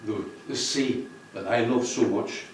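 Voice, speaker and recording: At a measured pace and steady tone, a man with a mid-range voice gives a rambling, jokey talk as cover artist at a book launch. He laughs at his own jokes before a function-room audience. Slight background noise comes through the echoey, distant-mic recording.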